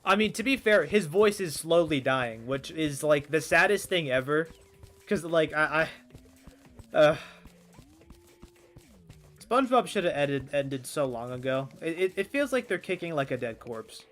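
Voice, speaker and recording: Hoarse young man rambling while gaming. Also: on the high side, animated, measured pace, fairly bright tone. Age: 20s. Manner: rambling, stammering restarts, swears freely. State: hoarse, strained voice. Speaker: gaming streamer. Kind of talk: casual chat while playing a game.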